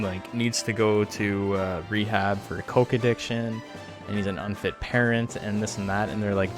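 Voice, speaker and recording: Young man, low voice, profane, rambling stream commentary, faint music behind. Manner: profane, rambling, chatty asides. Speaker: streamer hosting a game tournament. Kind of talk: casual live-stream commentary.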